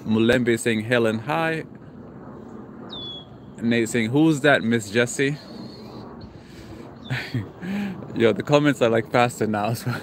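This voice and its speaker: A man's voice: medium pitch, animated, takes it slowly, pauses often, slight background noise. Man live-streaming from a park walk. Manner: reads viewer comments aloud and greets them. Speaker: livestream vlogger. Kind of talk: casual live chat reading comments. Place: outdoors in a city park.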